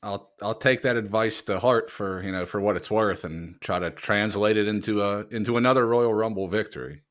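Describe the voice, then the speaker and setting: A man with a somewhat low voice, chiming in on a podcast in a casual way. He stammers and restarts, sounding hesitant and noncommittal. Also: normal speed. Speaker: podcast co-host. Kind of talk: casual chat.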